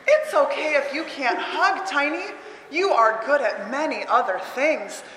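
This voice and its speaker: A woman voicing a kind mother dinosaur in a slow, gentle storybook read, in a roomy hall. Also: high voice, a little hiss or hum. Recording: roomy hall with long echo.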